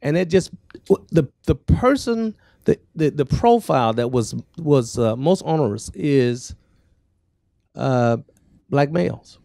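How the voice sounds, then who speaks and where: Halting man citing studies, dry sound. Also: on the high side, lively intonation, vocal fry, warm tone, no room sound. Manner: halting, repeats words while building a point. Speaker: co-author. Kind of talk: book talk Q&A.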